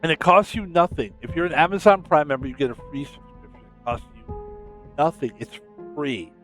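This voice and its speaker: American guy, streamer chat, rambling and profane, slightly high pitch, faint music behind. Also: lively intonation, fairly quick, fairly bright tone. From United States. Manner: rambling, profane, self-promoting.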